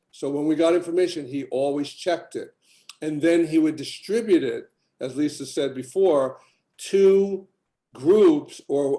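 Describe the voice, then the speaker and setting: An older man with a mellow, somewhat high voice tells long, rambling stories in a casual podcast chat. He livens up when he quotes other people. The sound is roomy and echoey. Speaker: healing practitioner guest.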